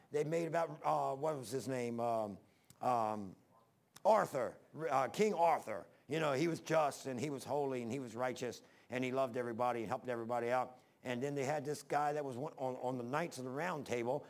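Male preacher, folksy and rambling, gravelly voice pitched a little high. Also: darkish tone. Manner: folksy, rambling, talks straight to the congregation. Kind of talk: sermon.

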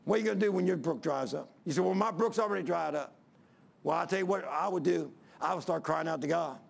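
Male preacher, high and gravelly, emphatic sermon in church. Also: quick pace. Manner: emphatic, repetitive, building to shouts. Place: church before a congregation.

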